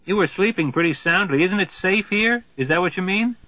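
A man's voice: high-pitched, animated, fairly quick, dry recording, voice pushed up. A man reading aloud, voicing an easygoing young man who speaks in a casual, placating way, in a tinny, phone-like recording. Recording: tinny phone-like sound, dry.

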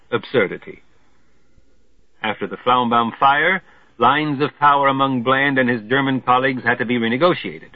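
A man reading a literary novel aloud in a wry, measured way with theatrical emphasis. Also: mid-range voice, no room sound. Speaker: audiobook narrator. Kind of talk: literary narration. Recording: tinny dry lo-fi phone-like sound.

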